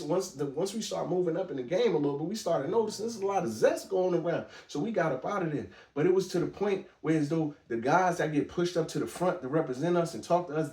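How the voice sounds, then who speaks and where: A podcast host with a slightly high, slightly mellow voice is captured from a distance in a room that echoes. His casual commentary monologue comes out as forceful, blunt street talk with many false starts.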